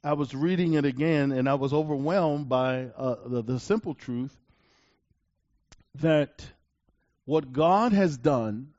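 A man preaching a sermon, reading scripture aloud and swinging from loud declarations to quiet asides. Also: slow, pauses often, lo-fi sound. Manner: emphatic, rising to loud declarations then dropping low.

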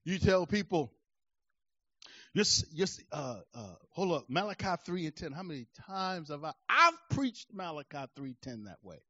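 A man preaching a sermon, swinging from quiet asides to shouted emphasis in a rhythmic cadence, laughing between points. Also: a little high, big pitch swings, normal speed, husky, dry recording, lo-fi sound.

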